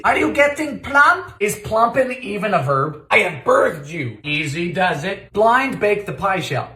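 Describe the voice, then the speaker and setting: A man hosting a comic cooking show, talking sarcastically through recipes in his home kitchen and bursting into loud exclamations. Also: high voice.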